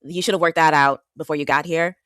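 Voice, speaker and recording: A woman co-hosting a casual reality TV recap, getting worked up and animated, her pitch jumping when she is indignant. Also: fast talker, no room sound, clean studio sound. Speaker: podcast co-host.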